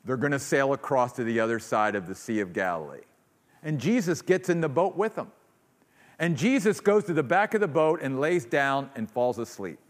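A man's voice: expressive, moderate pace. A man preaching a sermon as pastor, earnest, acting out quoted voices, then leading a closing prayer in a church. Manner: earnest, acts out quoted voices with rising pitch. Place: church sanctuary. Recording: long reverb of a large hall.

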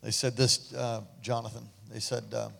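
A pastor preaching and telling a story to his congregation during an offering, animated and breaking into loud exclamations. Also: mid-range voice, moderate pace, gravelly. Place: large church sanctuary. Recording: echoey church hall with music. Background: instrumental music.

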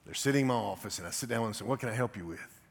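A middle-aged man preaching a sermon, telling a personal story with big swings from loud to hushed. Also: medium pitch, racing, gravelly, slightly rough. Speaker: guest preacher. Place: church sanctuary. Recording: reverberant church hall.

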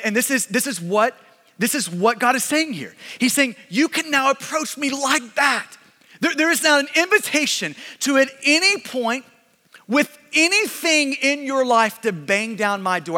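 A man in his thirties preaching a sermon as pastor, animated, swinging from loud emphasis to hushed intensity, in a church sanctuary. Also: high-pitched. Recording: long reverb of a large hall.

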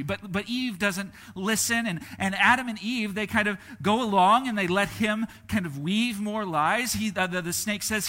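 A man's voice: sits high, moderate pace, hardly any pauses. A man preaching a sermon in a conversational way, often asking his listeners "right?" and letting his voice rise and drop for emphasis. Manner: animated, voice rising and falling for emphasis.

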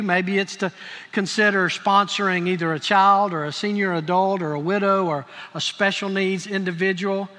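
A man's voice: high-pitched, bright, forceful tone. A man, the pastor, thanking a guest and encouraging the congregation to take a next step. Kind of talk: church announcements. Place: church sanctuary. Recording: long church hall reverb.

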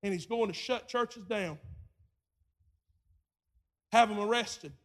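A man with a high-pitched, slow voice preaches a sermon, moving from quiet storytelling into shouted preaching. In his retelling he acts out different voices.

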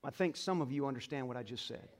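A male pastor preaching a sermon to a congregation, leading call-and-response, swinging between quiet asides and loud exclamations. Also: mid-range voice, fast talker. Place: church sanctuary.

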